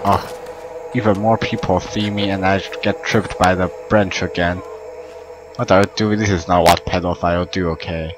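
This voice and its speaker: Deep-voiced young man doing game commentary. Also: normal speed, background noise. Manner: excitable, swears, broken English. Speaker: gameplay commentator. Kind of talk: let's play commentary. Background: game music.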